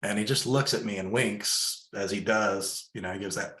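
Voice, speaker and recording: A man with a very low voice tells a personal story in a relaxed, casual way. He speaks softly and reflectively, pausing on fillers. The recording has a noticeably roomy echo. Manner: soft-spoken, reflective, lots of fillers. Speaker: guest telling a story.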